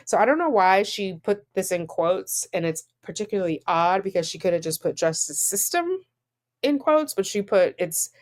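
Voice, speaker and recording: A woman works through a stack of court filings, reading them aloud in a plain middle-pitched voice. She keeps cutting in with dry, incredulous asides, sounding sarcastic and openly unimpressed. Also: animated, moderate pace, a little mellow. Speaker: online commentator.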